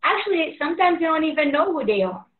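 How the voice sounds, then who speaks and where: Casting: woman talk host, affirming and chatty, higher voice, phone-like echoey audio. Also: big pitch swings, fast. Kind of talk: casual interview conversation. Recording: tinny echoey phone-like line.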